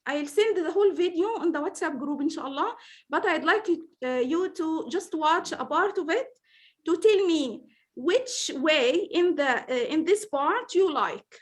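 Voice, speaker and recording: High-voiced woman leading a teacher training. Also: animated, measured pace. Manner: patient, repeats words, many fillers. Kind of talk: online teacher training session.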